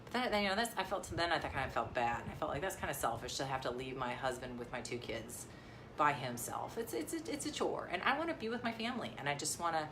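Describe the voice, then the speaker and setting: A woman's voice: sits low, lively intonation, fast talker, background noise. A woman in her thirties, a mom chatting on a casual live stream, rambling with lots of fillers and restarts. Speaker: vlogger and mom. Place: outdoors near the beach. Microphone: phone live stream.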